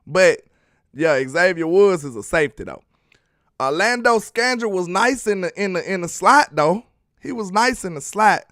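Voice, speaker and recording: A sports film-study streamer with a high, slightly bright voice, lively intonation and normal speed breaks down football film live, recorded cleanly in a studio without echo. He's chatty and casual, laughing as he teases his chat.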